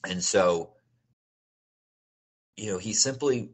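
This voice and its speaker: In a conversational interview, a middle-aged man with a lowish voice slowly tells his life story as a personal testimony. He speaks earnestly, frequently restarting and repeating phrases.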